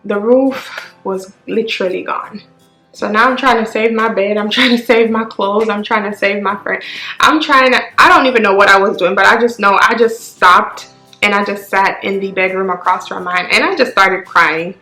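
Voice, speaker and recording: A woman's voice: mid-range voice, steady tone, moderate pace, bright, forceful tone. Casting: woman vlogger, raw and emotional storytelling, echoey room, faint music under her. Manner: raw, tearful retelling with sudden rises.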